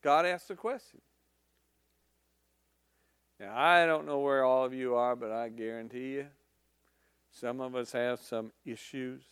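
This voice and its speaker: A man's voice: medium pitch, fairly even intonation, measured pace, long pauses, a bit bright, clear, resonant tone, no room sound, clean studio sound. A man preaching a sermon in a conversational, emphatic storytelling manner.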